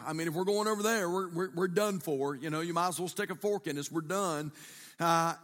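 Brief: high-voiced pastor, emphatic and conversational, preaching in an echoing church. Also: male voice, brisk, a bit bright. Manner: repetitive, emphatic, conversational, asks the congregation questions. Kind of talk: sermon. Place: church sanctuary. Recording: reverberant church hall.

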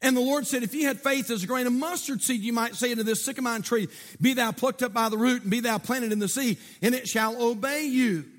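Male pastor, high-pitched, fiery sermon delivery. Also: fairly quick. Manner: preaching with rising shouts and call-outs to the church.

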